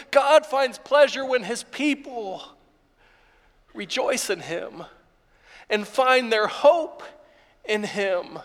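Emotional high-voiced pastor in a reverberant church. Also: male voice, fairly bright tone. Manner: emotional storytelling with halting restarts. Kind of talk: sermon. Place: church sanctuary. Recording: long hall reverb in a church.

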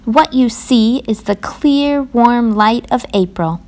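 A woman voicing an eager, cheerful male frog who calls out excitedly in a children's story. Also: a little high, slow, voice pushed up. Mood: enthusiastic.

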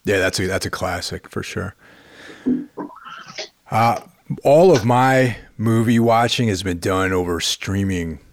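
Deep-voiced man, dry close sound. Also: no echo. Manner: measured, hesitant, many fillers. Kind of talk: casual chat.

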